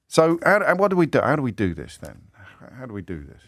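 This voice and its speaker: A man hosting a talk radio phone-in, speaking in an animated, indignant way and firing off rhetorical questions. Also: medium pitch, fast, no room sound, clean studio sound. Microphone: studio microphone.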